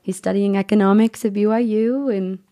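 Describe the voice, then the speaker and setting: A young woman from the United States answers interview questions in an earnest, upbeat way. Her voice sits at an ordinary middle pitch, and she often stops and restarts her sentences as she talks. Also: fairly even intonation, normal speed, dark tone. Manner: earnest, enthusiastic, with frequent restarts. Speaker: guest. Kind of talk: casual interview chat.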